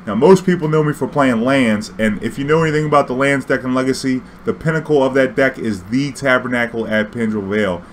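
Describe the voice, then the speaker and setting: A young man telling a story casually, profane and animated, acting out dialogue. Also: medium pitch, brisk, hardly any pauses, slight background noise.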